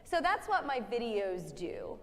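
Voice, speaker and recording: A woman's voice: a little high, very animated, a little slow, fairly bright tone. A woman directing a choir rehearsal, joking with the singers and demonstrating sung phrases as she coaches. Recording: long hall reverb with faint music.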